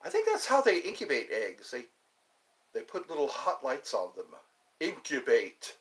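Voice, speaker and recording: A man's voice: medium pitch, huge pitch swings, normal speed, fairly bright tone. A man streaming live, rambling and joking as he chats with his viewers. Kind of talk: casual live-stream chat.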